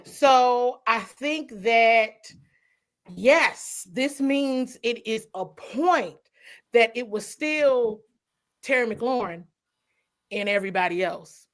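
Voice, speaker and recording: A woman in casual sports talk, giving animated football analysis, laughing often and quoting people in put-on voices. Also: fairly high pitch, takes it slowly.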